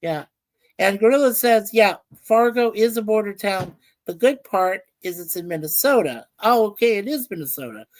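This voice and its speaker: A woman's voice: mid-range voice, expressive, normal speed, a little mellow, no room sound. Woman, casual livestream co-host, frequent laughter, reads viewer comments aloud. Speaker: livestream co-host reading chat. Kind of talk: casual chat.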